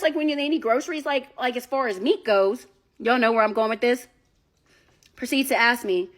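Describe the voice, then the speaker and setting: A woman telling a story in a casual, animated way, talking straight to her listeners and swearing freely. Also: fairly high pitch, normal speed. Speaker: storyteller recounting a date.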